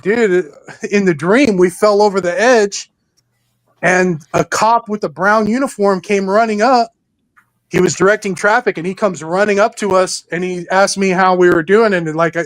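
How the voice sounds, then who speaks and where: A man telling a story in casual chat, relaxed and animated, acting out the lines of the people in it. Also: high voice. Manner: relaxed, animated storyteller who acts out dialogue with "he's like" and "I'm like".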